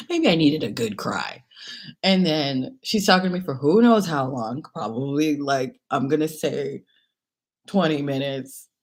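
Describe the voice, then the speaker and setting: Husky-voiced woman telling a chatty story. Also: very deep voice, measured pace. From China. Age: late 20s. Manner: chatty, animated retelling with quoted voices and whispers. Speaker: vlogger. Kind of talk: casual storytime vlog.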